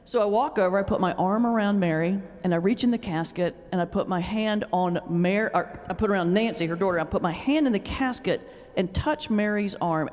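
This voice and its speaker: A woman pastor giving a humorous talk, telling stories in an animated way with sudden jumps in pitch. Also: normal speed, a little hiss or hum. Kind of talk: humorous lecture storytelling. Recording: long reverb of a large hall.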